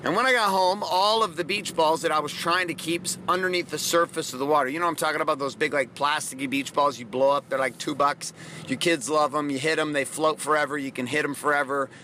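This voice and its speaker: A man's voice: fairly high pitch, steady tone, fast talker, pushed and bright, slight background noise. A middle-aged man hosting a motivational podcast, talking bluntly and profanely with lots of energy. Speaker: podcast host. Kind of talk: motivational monologue.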